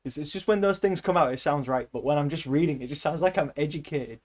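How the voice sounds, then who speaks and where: A man's voice: fairly high pitch, fast. A man chatting casually, rambling, laughing often and swearing between bits of reading aloud. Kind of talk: casual chat.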